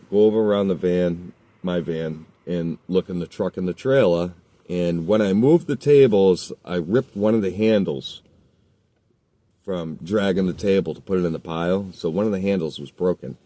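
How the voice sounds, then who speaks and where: A man with a lowish, dark and mellow voice recounts a confrontation in loose, casual talk. He swears in nearly every sentence and rambles, circling back with fillers and restarts. The telling runs heated and profane throughout. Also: dry recording. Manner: heated, heavily profane storytelling. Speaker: storyteller. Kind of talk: casual spoken anecdote.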